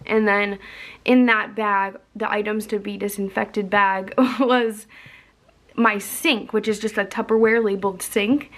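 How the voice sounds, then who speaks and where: Chatty, cursing young woman vlogger. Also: on the high side. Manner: candid, profane, animated storytelling. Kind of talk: casual storytime chat.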